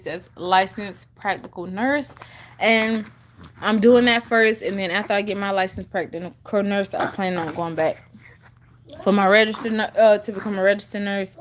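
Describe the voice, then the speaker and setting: A woman in her twenties vlogs a casual chat to camera, chewing gum and filling her speech with fillers and restarts. Her voice is mid-range, with a little hiss or hum on the recording.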